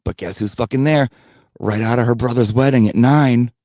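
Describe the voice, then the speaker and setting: A man's voice: mid-range voice, normal speed, dark tone, dry recording, clean studio sound. A man telling a blunt, profane gossip story in a rambling rant-style monologue. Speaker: channel host.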